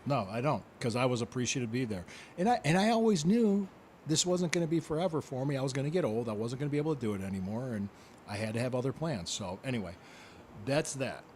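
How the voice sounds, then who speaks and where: An animated man tells a story in a casual podcast chat, laughing and circling back over his words. His voice sits in the middle range, with faint noise behind him. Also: mid-range voice, quick pace. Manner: animated, laughing, repeats himself. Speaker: podcast host, former wrestler.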